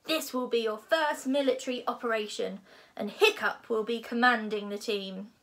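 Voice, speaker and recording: A woman's voice: fairly high pitch, fairly even intonation, moderate pace, a bit bright. Woman voicing a bellowing giant Viking instructor. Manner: bellowing, commanding. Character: huge loud male Viking drill instructor. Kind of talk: storybook reading.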